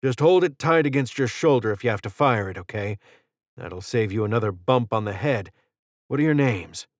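A man's voice: mid-range voice, animated, normal speed, dry recording, clean studio sound, natural voice. A man voicing a wounded, wry male soldier in an audiobook, terse and short of breath. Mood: gruff.

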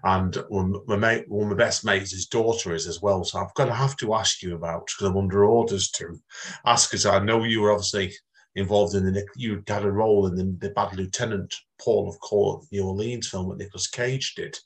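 Man, fairly low voice, rambling interviewer, repeats himself. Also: fairly even intonation, brisk. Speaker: podcast host.

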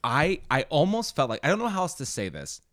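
A man co-hosting a casual movie podcast, talking in quick restarts and swearing freely. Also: on the high side, wildly swooping pitch, a bit bright, no room sound, clean studio sound. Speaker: podcast co-host. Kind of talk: casual movie-review chat.

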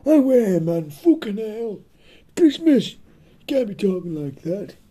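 A man's voice: high-pitched, big pitch swings, slow pace, mellow, slightly rough. A man acting as a blunt comic sidekick, swearing freely and answering with dry one-liners. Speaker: co-host and sidekick. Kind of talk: profane comedic banter.

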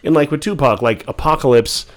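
A man's voice: fairly high pitch, a little fast. A man talking casually on a podcast, rambling with lots of fillers, restarts and swearing. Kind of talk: casual podcast chat about rap albums.

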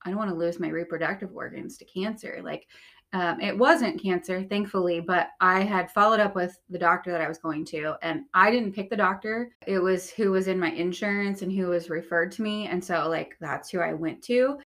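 A woman's voice: on the low side, moderate pace, a bit bright. Candid woman telling her story. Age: young adult or older. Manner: conversational, frequent "like" fillers. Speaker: podcast guest.

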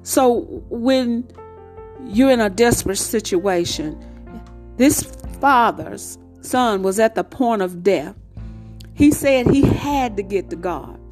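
Woman preacher, kinda high voice, repeats lines over and over for emphasis, soft music in back. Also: animated, slow. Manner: repetitive, emphatic preaching cadence. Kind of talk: sermon.

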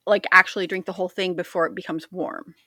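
A woman's voice: fairly low pitch, fairly even intonation, fast talker, pushed and bright, no echo. A woman co-hosting a podcast in casual chat, rambling and self-deprecating. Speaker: podcast co-host.

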